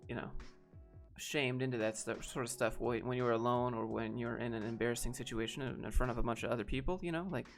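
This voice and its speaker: A man's voice: mid-range voice, steady tone, faint music behind. Frustrated young man telling a story. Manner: frustrated, halting, with restarts. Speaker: guest. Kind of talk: casual storytelling.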